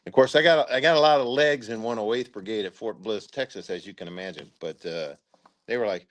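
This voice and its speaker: A retired brigadier general, an older man, tells rambling war stories in a casual interview, packed with "uh" fillers and acted-out quotes. His voice is fairly low and fairly bright, and he speaks briskly.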